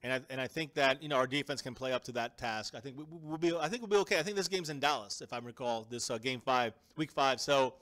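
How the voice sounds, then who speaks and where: A man hosting a casual live-stream sports chat, energetic and emphatic, often calling out to viewers. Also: medium pitch, fast, few pauses. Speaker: fan show host.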